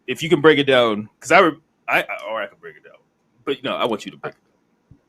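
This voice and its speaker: A man co-hosting a casual wrestling review podcast, animated and laughing often. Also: mid-range voice, quick pace, dry recording. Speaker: podcast co-host.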